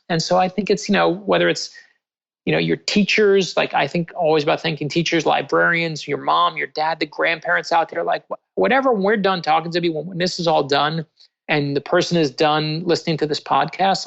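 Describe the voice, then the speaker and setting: A man in a casual interview, an author telling stories in an animated, earnest way. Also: a little high, creaky. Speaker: author and guest. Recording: dull lo-fi remote audio.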